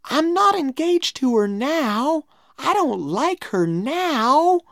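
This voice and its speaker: A woman's voice: deep voice, very animated, takes it slowly, no room sound, clean studio sound, pitched above the performer's own voice, full character voice. A woman voicing an eager, talkative young schoolboy in an earnest, pleading way for a read-aloud storybook.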